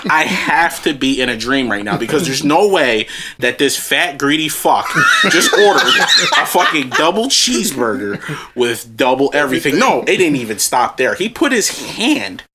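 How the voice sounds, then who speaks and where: Animated man ranting with laughter. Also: medium pitch, normal speed, heavy background noise. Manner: animated, profane rant, laughing as he goes. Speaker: podcast co-host. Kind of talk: casual podcast storytelling.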